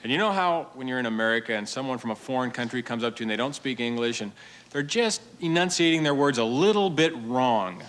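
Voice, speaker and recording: A man doing a stand-up routine on a TV stage, telling his story in a deadpan, mock-earnest way to a live audience. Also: medium pitch, fast talker. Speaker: stand-up comedian. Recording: TV studio with audience laughter and noise.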